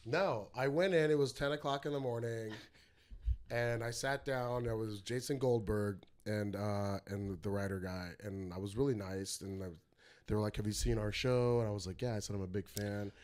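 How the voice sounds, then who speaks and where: A man's voice: fairly low pitch, normal speed. A man hosting a casual chat, telling a story with swearing and acted quotes. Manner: animated storyteller, swears freely. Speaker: podcast host, comedian.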